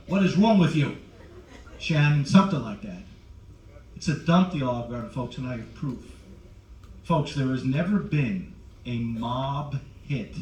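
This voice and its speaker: A man's voice: on the high side, a little mellow, distant mic, lo-fi sound, a little hiss or hum. Brash man doing stand-up in roomy lounge. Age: 40s. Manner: brash, teasing, talks to the crowd. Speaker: stand-up comedian. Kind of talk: stand-up comedy with crowd work. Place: cruise ship show lounge with live audience.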